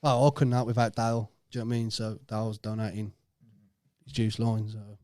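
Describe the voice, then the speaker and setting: Laid-back Yorkshire man, mellow voice. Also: on the low side, flat delivery, fairly quick, dry recording, studio quality. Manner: laid-back, swears freely, laughs often. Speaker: podcast host. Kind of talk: casual podcast chat.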